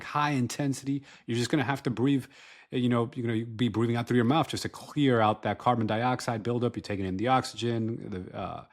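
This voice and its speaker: A man explaining running and breathing technique in a loose, conversational way, full of fillers and restarts. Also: mid-range voice. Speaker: running coach and health educator. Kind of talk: casual instructional talk to camera.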